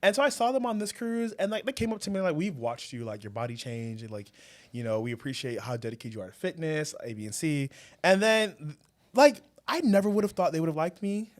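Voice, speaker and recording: A man co-hosting a podcast, telling a story in a casual, animated way and often breaking into laughter. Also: fairly quick. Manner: animated, laughing, swings loud and high when telling the story. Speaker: podcast co-host.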